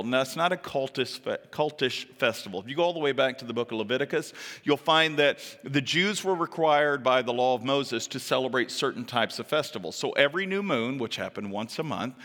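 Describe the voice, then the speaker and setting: A man preaching a sermon, telling a story with animated delivery and sudden jumps in pitch when he acts out quoted lines. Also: a little fast, hardly any pauses, long reverb tail.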